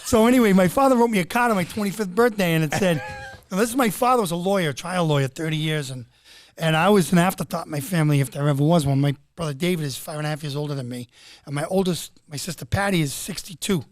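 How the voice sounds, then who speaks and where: A man in his forties, a comedian and impressionist, telling stories in energetic, animated casual chat. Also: a little high, quick pace, no room sound, clean studio sound. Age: 40s. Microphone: studio mic.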